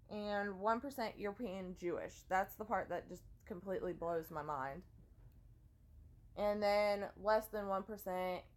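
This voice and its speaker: A young adult American woman vlogging in a chatty, giggly and exclamatory way, talking casually to the camera. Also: medium pitch. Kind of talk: casual chat.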